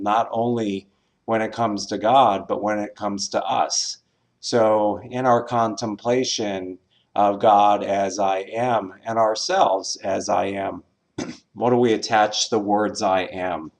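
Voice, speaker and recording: Slow-speaking male minister teaching. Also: on the low side. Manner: slow, measured, with pauses and some filler words. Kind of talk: recorded spiritual lesson.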